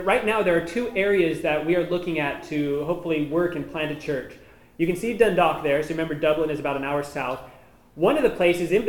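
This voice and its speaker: A missionary man giving an informal slideshow talk, explaining each photo in a relaxed, conversational way. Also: fairly high pitch. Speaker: missionary presenting to a church. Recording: echoey room.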